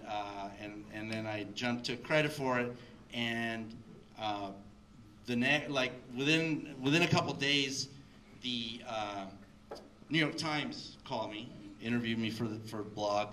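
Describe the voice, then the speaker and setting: A man's voice: mid-range voice, sharp tone, slight background noise. A middle-aged man from Mexico telling a rambling story to an audience at a library event, full of fillers and laughs. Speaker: guest speaker. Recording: voice picked up from a distance.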